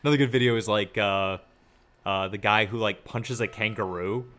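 A man's voice: on the low side, moderate pace, a bit bright. A man in his late twenties hosting a casual podcast chat, joking and asking leading questions. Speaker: podcast host.

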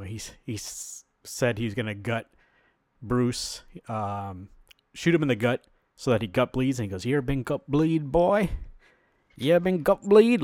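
This podcast co-host has a lowish voice, recorded clean in a studio with no room sound. He casually retells a comic book plot as an animated storyteller, acting out the characters' lines and swearing now and then.

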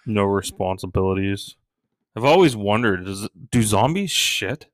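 Crude-joking man with a low voice. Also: expressive, measured pace, no echo, studio quality. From Canada. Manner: crude, joking, acts out quoted lines in a high shouting voice. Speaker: stand-up comedian. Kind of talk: casual comedic storytelling.

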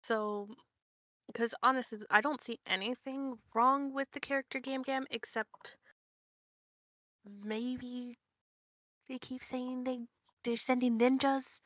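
A woman in casual podcast chat, her voice bright and a little high. She answers in brief, offhand lines, recorded close and dry. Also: steady tone, slow pace, long pauses, no echo. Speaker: podcast co-host.

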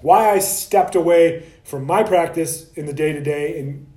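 A man ranting on a podcast, fired up and swearing freely, now and then mocking other practitioners in quick put-on asides. His voice sits high and has a mellow, dark tone. The room around him is roomy and echoey. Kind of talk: solo podcast rant.

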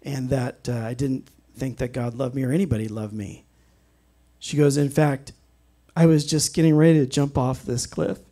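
A man's voice: mid-range voice, normal speed, dark tone. A man preaching a sermon, telling a personal story in an earnest way and breaking into frequent amens. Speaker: pastor.

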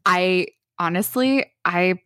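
A woman's voice: lowish voice, takes it slowly, clear, resonant tone, no echo, clean studio sound. A woman co-hosting a casual chat, telling a story with lots of laughter and acted-out quotes. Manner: animated storyteller who acts out quotes and laughs often.

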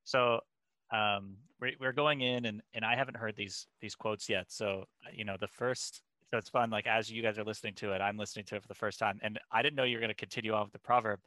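Bright-voiced rambling male podcast co-host. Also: on the low side, steady tone, fast, no room sound. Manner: rambling and easygoing, thinks aloud. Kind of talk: casual podcast chat. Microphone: headset mic.

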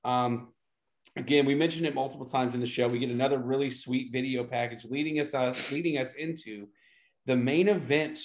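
A man's voice: mid-range voice, fairly even intonation, brisk. A man co-hosting a podcast, recapping an old wrestling event in a casual, enthusiastic way. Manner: enthusiastic, laid-back recapping. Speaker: podcast co-host. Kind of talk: casual chat reviewing wrestling.

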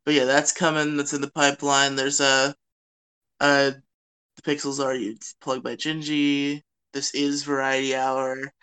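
A man's voice: mid-range voice, level tone, unhurried, sharp tone, smooth, poor audio. A man hosting a podcast in loose, joking casual chat, swearing freely. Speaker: podcast host.

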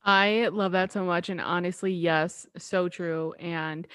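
A woman's voice: lowish voice, steady tone, a little slow, a bit bright, smooth, no echo, clean studio sound. A young woman hosting a podcast, chatting casually, saying "like" a lot and laughing often. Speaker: podcast host. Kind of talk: casual chat.

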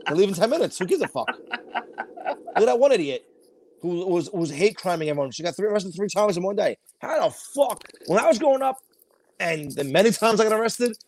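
A man's voice: high voice, animated, brisk, darkish tone, a little hiss or hum. A man talking bluntly and profanely in a casual chat, rambling through stories with lots of restarts.

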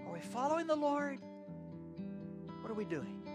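A man's voice: extremely high pitch, very animated, normal speed, music in the background. A man preaching a sermon in an earnest way, repeating key phrases for emphasis.

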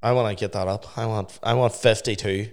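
A man's voice: lowish voice, fairly even intonation, brisk. A Northern Irish man hosting a podcast over a video call, laid-back and teasing. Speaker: podcast host and DJ. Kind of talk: casual podcast chat.

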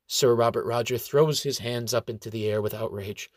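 A man narrating a fantasy tale in a steady, even storytelling voice, with a mid-range pitch. The sound is dry and close, with no room echo. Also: moderate pace, few pauses.

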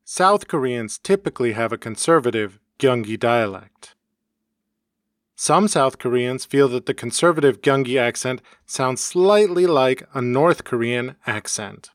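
A man narrating a scripted educational podcast in an even, read-aloud manner. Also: medium pitch, no room sound, clean studio sound. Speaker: podcast host. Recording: homemade podcast recording.

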